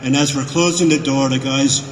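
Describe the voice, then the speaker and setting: A man guesting on a convention panel, telling animated anecdotes to a live audience and acting out the voices in his quotes. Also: medium pitch, brisk, slight background noise. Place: convention hall. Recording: echoey hall, miked from afar.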